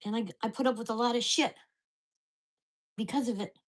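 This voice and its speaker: A woman's voice: fairly high pitch, steady tone, brisk. Blunt, profane woman ranting at home. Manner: blunt, profane, heated storytelling. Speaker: vlogger. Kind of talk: casual ranting vlog.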